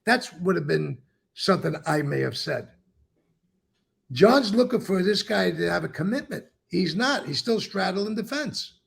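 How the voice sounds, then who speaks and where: Gravelly, husky man telling it emphatically. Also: high voice, unhurried. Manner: emphatic, animated storytelling. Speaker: interview guest. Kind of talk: recounting and explaining.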